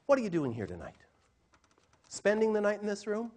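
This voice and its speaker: A middle-aged man, a communication trainer, giving an animated live seminar talk to a room and acting out quotes in changing voices. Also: high voice, fairly quick.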